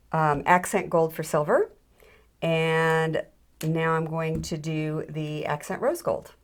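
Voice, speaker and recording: In her hands-on jewelry demonstration, a middle-aged woman speaks in a low, creaky voice, chatting casually, making fun of herself, and frequently restarting or filling with "um."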